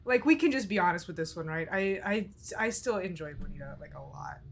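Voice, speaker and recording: A woman's voice: lowish voice, expressive, fairly quick, a little hiss or hum. A woman streaming a game, talking casually in a chatty, rambling, candid way, with an occasional swear. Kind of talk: casual let's-play commentary.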